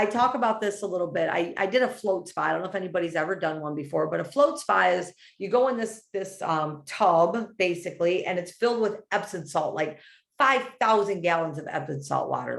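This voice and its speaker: A woman's voice: on the low side, gravelly, reverberant. A woman giving a heartfelt, rambling motivational talk about finding yourself. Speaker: motivational speaker.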